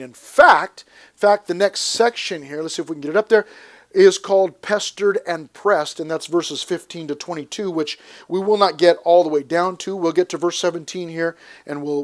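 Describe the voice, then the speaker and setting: High-voiced man preaching a lively sermon. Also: fairly quick. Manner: animated, emphatic, with playful asides and restarts. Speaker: pastor. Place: church service before a congregation.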